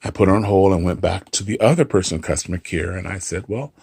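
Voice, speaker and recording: Brief: middle-aged man recounting a work story, husky and dry-sounding, casual with a wry edge. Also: low voice, fairly even intonation, fast, darkish tone, dry recording. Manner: conversational, re-enacting dialogue with dry humor. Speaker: hotel front desk clerk.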